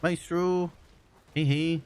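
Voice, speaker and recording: A man's voice: fairly high pitch, level tone, slow, a little mellow, slight background noise. A man streaming a game, chatting casually with viewers in a laid-back, joking way and chuckling often. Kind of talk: casual chat while playing and reading chat.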